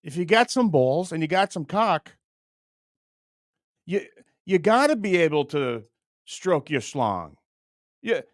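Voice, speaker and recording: A man's voice: fairly high pitch, big pitch swings, unhurried, long pauses, dry recording, clean studio sound. A middle-aged man hosting a livestream in a casual, rambling, joking way, with plenty of crude humor. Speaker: livestream host.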